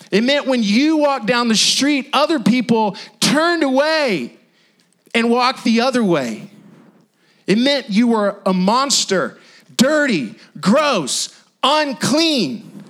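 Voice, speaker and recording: A male pastor preaching a sermon in an emphatic, repetitive style with dramatic pauses. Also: extremely high pitch, very animated, fairly bright tone.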